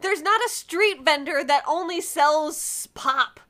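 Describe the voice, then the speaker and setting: A young woman co-hosting a casual book podcast, animated and exasperated, laughing often. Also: high voice, slow. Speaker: podcast co-host.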